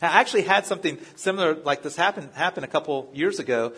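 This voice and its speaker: A man's voice: a little high, expressive, fast talker, a bit bright, slightly rough. A male pastor giving a sermon in a conversational way, telling personal stories and often restarting his phrases. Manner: conversational, story-driven preaching with frequent restarts.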